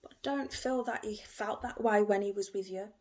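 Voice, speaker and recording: A woman giving an emotional, gentle tarot reading, repeating herself often. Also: mid-range voice, moderate pace. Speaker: tarot reader.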